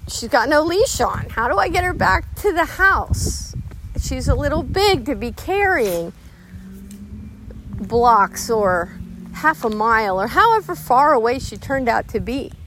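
Woman, middle-aged dog trainer, slightly high voice, slow, calm, reassuring teaching delivery, faint outdoor ambience. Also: slight background noise. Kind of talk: instructional storytelling.

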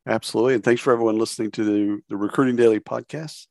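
Gravelly low-voiced man hosting a podcast. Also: steady tone, racing, noisy background. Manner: rambling, restarts phrases often. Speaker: podcast host. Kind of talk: casual interview chat.

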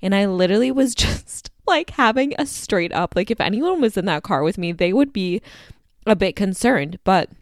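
A woman's voice: medium pitch, lively intonation, moderate pace, dry recording, studio quality. A young adult woman hosting her own podcast, talking candidly in a casual monologue, full of "like" and free with swearing. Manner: candid and chatty, heavy use of "like"; swears freely. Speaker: podcast host.

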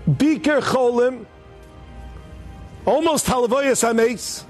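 A man's voice: very high voice, slow, faint music behind. A man earnestly retelling an inspirational story and drawing a moral from it, in a conversational way with frequent self-corrections.

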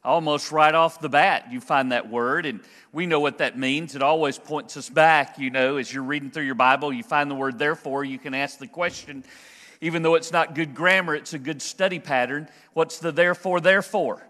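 A man preaching a conversational, emphatic expository sermon as pastor, slowing down to stress key phrases. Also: a little high, fairly even intonation, sharp tone, in a large hall. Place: church sanctuary.

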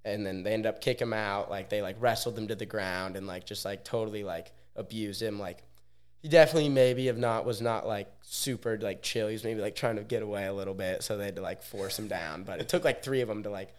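A man's voice: lowish voice, a little fast. A young man from Oregon, a podcast guest telling casual stories in a laid-back way, filling his speech with "like". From Oregon, USA. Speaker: podcast guest, pro athlete. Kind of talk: casual storytelling.

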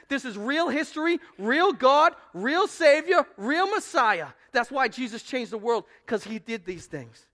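A male pastor preaching a sermon, swinging between loud proclamation and quiet asides. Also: sits high, animated, normal speed, hardly any pauses.

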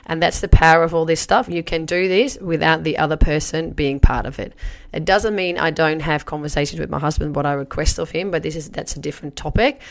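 A woman in her forties, a life coach, teaching through a personal story in a chatty, animated way. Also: deep voice, fairly quick, few pauses. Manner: chatty, animated, acts out her own past remarks.

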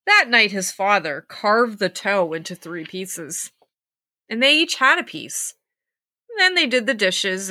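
A woman hosting a podcast, reading scary stories aloud and chatting about them, with lively acted-out quotes. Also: medium pitch, dry recording, clean studio sound. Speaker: podcast host and storyteller.

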